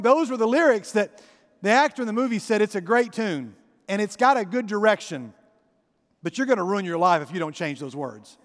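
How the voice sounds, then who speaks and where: Male pastor, high voice, conversational sermon storytelling, hall reverb. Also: animated, brisk. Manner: conversational storyteller, addresses the congregation directly.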